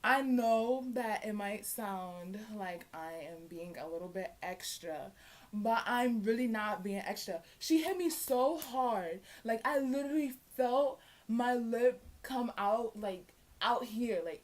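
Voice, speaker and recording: A young woman vlogger telling a storytime tale in a casual, animated way, acting out the voices of the people in it. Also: a little high, takes it slowly. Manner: animated, acts out quoted voices. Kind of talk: storytime vlog.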